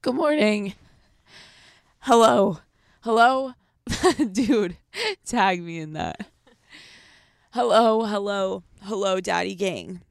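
A woman's voice: medium pitch, slow, gravelly, pauses often, clear, resonant tone, no room sound. Young woman podcast host, hyped and cursing a lot, clean dry sound, laughs a ton. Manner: excitable, profane, laughs often. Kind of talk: casual vlog-style podcast chat. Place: hotel room.

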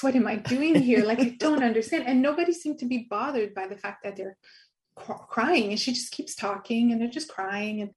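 A middle-aged woman telling a personal story in an interview, earnest and laughing often. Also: mid-range voice. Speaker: guest.

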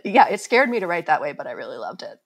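A woman's voice: on the low side, very animated, fast. A woman author being interviewed, talking candidly and chattily and laughing at herself. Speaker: author guest. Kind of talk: casual conversational interview.

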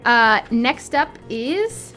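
A woman game master narrating a tabletop game, lively and descriptive. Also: fairly high pitch, extremely slow, soft background music. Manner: lively, laughs often, descriptive.

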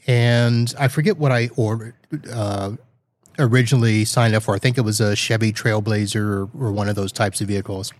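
A man's voice: fairly low pitch, little pitch movement, fairly quick, darkish tone, no echo, studio quality. A man hosting a podcast, telling a rambling, mildly exasperated anecdote in a casual monologue, with quoted asides. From Florida. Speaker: podcast host.

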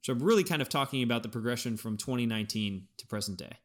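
A man co-hosting a sports podcast, thinking aloud in an animated way with frequent restarts as he breaks down his team's football season. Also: medium pitch, rapid-fire. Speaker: podcast co-host. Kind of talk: casual sports podcast analysis.

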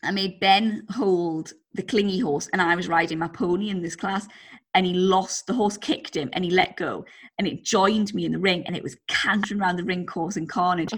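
A woman's voice: fairly low pitch, fairly even intonation. A woman co-hosting a podcast, telling playful stories in casual chat and laughing often. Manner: storytelling, playful, quick to laugh. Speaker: podcast co-host.

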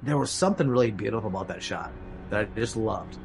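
A man's voice: fairly low pitch, animated, fast, creaky, poor audio. A man hosting a podcast, casually recapping a horror film with lots of fillers and acted-out quotes. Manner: rambling, many fillers, acts out quotes. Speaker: podcast host.

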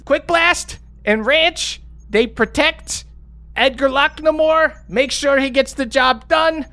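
A man's voice: slow, sharp tone, full character voice. A man voicing a foul-mouthed, frazzled woman inventor in a tabletop role-play, talking in a flustered ramble. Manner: high-pitched, cursing, flustered rambling.

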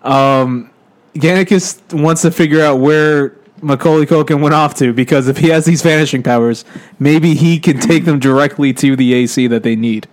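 A man's voice: a little high, normal speed, few pauses. A man co-hosting, telling an improvised comedy story with lots of laughter. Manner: animated, laughing often.

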